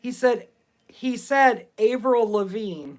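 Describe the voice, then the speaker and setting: A woman hosting a live stream, talking out loud to spirits and greeting her viewers. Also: fairly high pitch, slow. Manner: excitable, talks out loud to spirits. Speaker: livestream ghost hunter.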